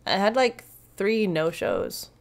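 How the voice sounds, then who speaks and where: A woman voicing a weary, sardonic young woman who grumbles in a flat, fed-up voice while organizing a town pageant. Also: mid-range voice, slow, vocal fry, exaggerated voice. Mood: grumbling.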